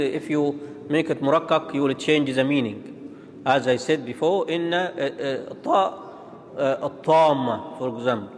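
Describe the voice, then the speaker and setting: A man teaching Quran pronunciation, demonstrating and contrasting letter sounds in a halting, repetitive way. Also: mid-range voice. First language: Arabic. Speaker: tajweed teacher. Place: large mosque hall. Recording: long reverb of a large hall.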